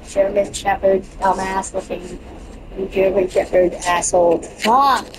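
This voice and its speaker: A woman's voice: mid-range voice, fairly even intonation, measured pace, background noise. A woman streaming a horror game, joking and swearing to herself as she plays. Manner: profane, joking, talks to herself. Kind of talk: casual let's-play commentary.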